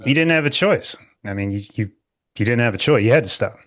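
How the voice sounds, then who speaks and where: A man co-hosting a podcast over a remote call, chatting in a relaxed, rambling, sweary way. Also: mid-range voice, fast, no echo. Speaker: podcast co-host. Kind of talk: casual chat.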